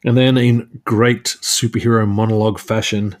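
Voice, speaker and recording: On his solo podcast, a man chats casually about a comic book, rambling with plenty of fillers and restarts. His voice is on the low side, delivered flatly at a moderate pace.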